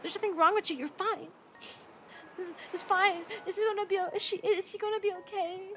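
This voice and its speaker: A woman mocking a shrill panicky sitcom parent. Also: steady tone, a little fast, fairly bright tone, a little hiss or hum. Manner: shrill, pleading, exaggerated.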